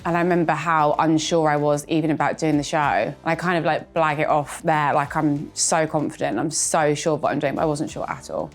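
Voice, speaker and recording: A woman in her thirties talks openly and with self-mocking humour about her past. Her voice sits a little low, and faint music plays behind her. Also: steady tone, brisk, hardly any pauses. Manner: candid, chatty, self-mocking. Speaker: reality TV star. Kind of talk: reacting to old clips, casual chat.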